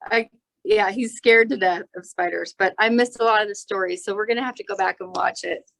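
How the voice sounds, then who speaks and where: A woman's voice: medium pitch, steady tone, a little fast, gravelly, fairly bright tone, poor audio. A woman chatting as she tells a story about a family friend, amused and full of fillers. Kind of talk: casual storytelling.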